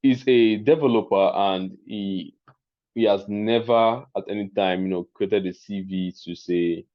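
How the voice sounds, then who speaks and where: A man with a Nigerian accent hosting a live webinar, chatty and excitable, often laughing as he teaches. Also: on the low side, measured pace, dull audio. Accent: Nigerian English. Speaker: webinar host.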